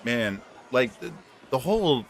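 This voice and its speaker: A man's voice: mid-range voice, big pitch swings, unhurried, slight background noise. A man streaming late at night, telling stories in a rambling, profanity-filled way, full of fillers and restarts. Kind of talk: casual late-night chat.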